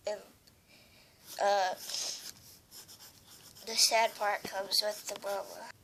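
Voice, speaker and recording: A woman's voice: mid-range voice, flat delivery, extremely slow, background noise. A teenage girl tells a sad story to the camera, tearful and rambling with lots of fillers. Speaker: vlogger.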